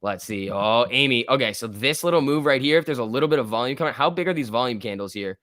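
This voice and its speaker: An excitable young man chats through a live stock-market stream, laughing easily and reacting to the chat as it scrolls by. His voice sits in a middle register and sounds dry and close, with no room echo around it. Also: mid-range voice, quick pace. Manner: excitable, laughs often, reads chat aloud. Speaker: stock livestream host.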